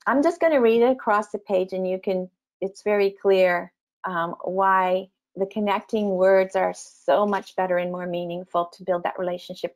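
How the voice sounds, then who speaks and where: A woman with a mid-range voice talks parents through slides in an online presentation. She is gentle and explanatory, pausing often with small ums. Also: mid-range voice. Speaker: teacher trainer speaking to parents.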